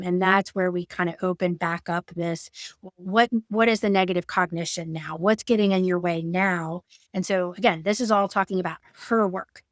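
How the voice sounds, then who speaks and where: A woman's voice: fairly low pitch, fairly even intonation, normal speed, no room sound. Conversational woman coach, dry sound. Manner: conversational, with fillers and acted-out quotes. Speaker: betrayal trauma coach. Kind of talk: educational talk with personal examples.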